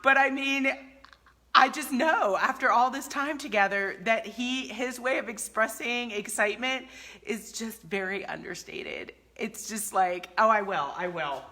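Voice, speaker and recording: A woman's voice: on the high side, a little slow, pushed and bright. A woman hosting a furniture painting livestream, chatting casually and telling stories with animation.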